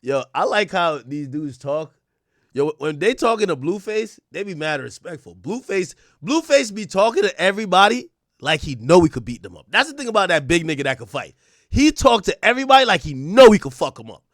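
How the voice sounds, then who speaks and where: Animated high-voiced male streamer. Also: fairly quick, no echo, studio quality. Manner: animated, rambling, laughing, profane. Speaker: livestream host. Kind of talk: live reaction commentary.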